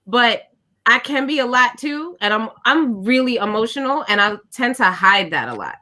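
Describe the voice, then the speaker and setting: Bright-voiced woman chatting candidly. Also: a little high, expressive, normal speed. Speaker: panel guest. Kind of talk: casual group chat.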